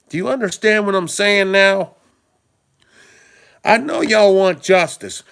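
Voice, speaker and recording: A man with a high, pushed, bright voice and a clean tone delivers casual political commentary to camera at a measured pace. He rambles, stays emphatic, and keeps putting rhetorical questions straight to his viewers, addressing them informally.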